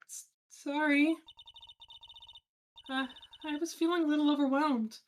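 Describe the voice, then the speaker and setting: A woman's voice: high voice, fairly even intonation, a little slow, slight background noise, pitched above the performer's own voice. A woman voicing a shy, apologetic young woman in a fan reading of a game. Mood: timid.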